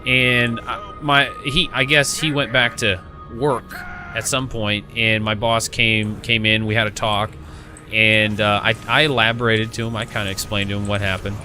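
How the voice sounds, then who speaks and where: A man with a bright, tense voice tells a long work grievance while he plays. He swears constantly and sounds fed up, piling on restarts as he vents. Faint music plays underneath. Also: lowish voice, little pitch movement, normal speed. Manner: profane, exasperated ranting. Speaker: streamer. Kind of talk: casual storytelling while gaming.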